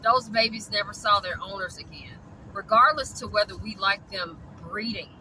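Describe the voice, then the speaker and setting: Blunt, bright-voiced woman ranting. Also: mid-range voice, normal speed, slight background noise, poor audio. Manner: blunt, profane, heated. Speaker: dog rescuer. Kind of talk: angry ranting vlog.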